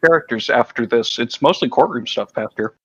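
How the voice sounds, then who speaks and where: A man's voice: mid-range voice, a little fast, a bit bright, no room sound. A man in a casual group watch-along chat, making wry, teasing remarks. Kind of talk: casual chat over a voice call. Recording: dull lo-fi call audio.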